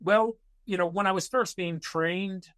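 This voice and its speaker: A man's voice: sits high, fairly even intonation, measured pace, fairly bright tone, no echo. Rambling man telling stories on a call. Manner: rambling, many fillers and restarts, laughs often. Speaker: podcast guest. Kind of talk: casual interview storytelling.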